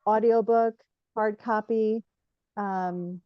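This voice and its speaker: A woman speaking as a healer guest in an interview, talking in a gentle, soothing and reflective way. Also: medium pitch, fairly even intonation, takes it slowly, clean tone, dry recording, dull audio. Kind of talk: guided explanation in an interview.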